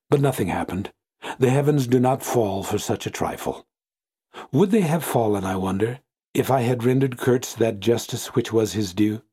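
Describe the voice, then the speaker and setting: A man narrating a literary novel in first person, in a brooding, measured way. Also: lowish voice, mellow, husky. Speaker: audiobook narrator.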